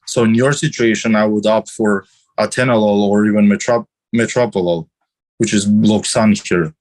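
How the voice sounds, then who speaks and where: A man's voice: fairly low pitch, steady tone, moderate pace, darkish tone, rough recording. A man on a podcast explaining things at length, with many restarts and fillers. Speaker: podcast guest. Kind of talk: casual podcast chat about drugs.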